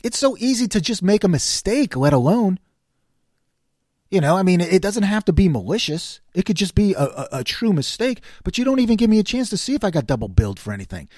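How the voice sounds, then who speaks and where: Sarcastic and fed up, an older man from the New York City area hosts a commentary show, delivering an animated, complaining monologue. His high-pitched voice moves briskly, captured in clean studio sound without room noise.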